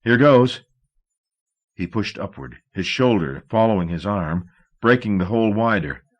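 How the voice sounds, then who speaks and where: A man narrating a novel in a measured, steady audiobook reading. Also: low voice, muffled recording.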